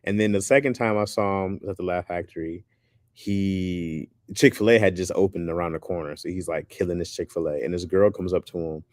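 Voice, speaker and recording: A man chatting casually with his viewers in a loose, animated way, often calling people "bro". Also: sits low, brisk, dry recording, studio quality. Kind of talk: casual chat.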